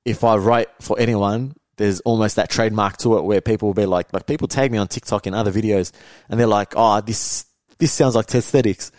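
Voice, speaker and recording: A man's voice: fairly low pitch, steady tone, fairly quick, a little mellow, no echo, studio quality. A young Australian man talking casually as a podcast guest, laid-back and slangy, often acting out what people said to him. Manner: laid-back, slangy, acts out quoted dialogue. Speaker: podcast guest, content creator.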